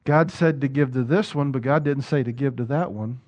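A man's voice: mid-range voice, a little fast, muffled recording. A male pastor preaching a sermon, putting rhetorical questions to the congregation and repeating words as he drives a point home.

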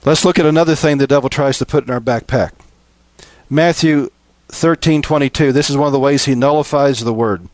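A man preaching a sermon, building from steady teaching to impassioned, emphatic appeals. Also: medium pitch, a little fast, no echo.

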